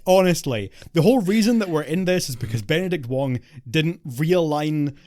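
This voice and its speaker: A man co-hosting a podcast, casually reviewing a film in an animated, exasperated rant. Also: on the high side, normal speed, no room sound. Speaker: podcast co-host.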